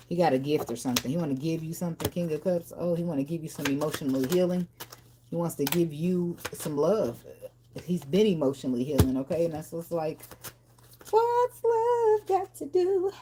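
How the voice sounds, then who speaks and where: A woman's voice: sits low, background noise. A woman giving a casual tarot reading in a blunt, profane, talkative way. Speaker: tarot reader.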